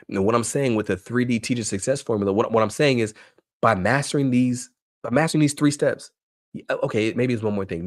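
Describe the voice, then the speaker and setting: Energetic low-voiced motivational man. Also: dry recording, studio quality. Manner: energetic, emphatic, repeats phrases for effect. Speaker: workshop presenter for teachers. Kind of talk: motivational live webinar talk.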